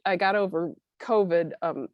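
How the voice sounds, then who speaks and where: A woman's voice: lowish voice, normal speed, dry recording, highs cut off. A woman from Michigan with a slight Michigan accent and a stuffy, nasal voice, hosting a poetry reading over a video call. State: stuffy nose. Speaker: host. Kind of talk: introducing poets.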